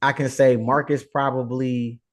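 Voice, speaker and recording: A man's voice: mid-range voice, flat delivery, unhurried. A man with a Northeastern US accent, co-hosting a podcast in casual chat, full of "like" and "you know". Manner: laid-back, lots of "like" and "you know". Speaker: podcast co-host.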